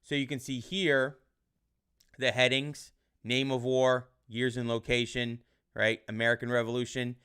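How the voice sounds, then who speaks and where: A male teacher giving casual online class instructions in a relaxed, rambling way with many fillers. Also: medium pitch, unhurried, smooth.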